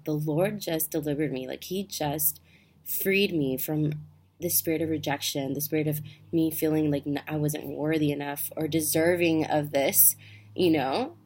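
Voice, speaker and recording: A young woman with a low-pitched voice shares a personal testimony at home. She talks in a chatty, heartfelt way, full of "like" and "um" as she goes. It sounds like a casual video update. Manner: chatty and heartfelt, many fillers like "like" and "um". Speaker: ministry student sharing a testimony.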